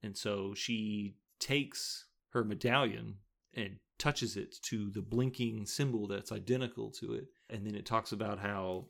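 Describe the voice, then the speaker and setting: Gravelly-voiced man recapping a movie. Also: fairly low pitch, fairly even intonation, unhurried, fairly bright tone. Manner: retells the plot, then argues with rising emphasis. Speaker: podcast co-host. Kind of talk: casual movie-review chat.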